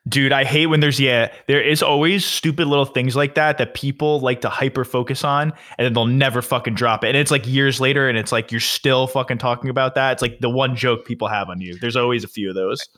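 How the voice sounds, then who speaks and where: A man's voice: mid-range voice, brisk, hardly any pauses. A young man co-hosting a podcast, telling stories in casual, profanity-laced chat. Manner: profane, animated storyteller. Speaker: podcast co-host.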